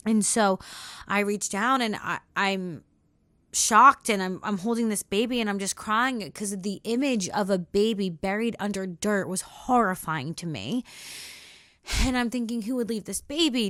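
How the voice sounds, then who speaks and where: A woman podcast host telling a personal story with feeling, repeating phrases and slowing down for emphasis. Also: mid-range voice, fairly bright tone, no echo, clean studio sound.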